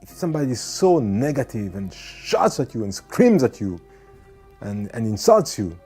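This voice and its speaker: A man's voice: mid-range voice, very animated, measured pace, slightly rough, faint music behind. A man giving an earnest motivational talk, repeating his points and now and then acting out angry people. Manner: earnest, repeats phrases, acts out shouting people. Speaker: motivational speaker.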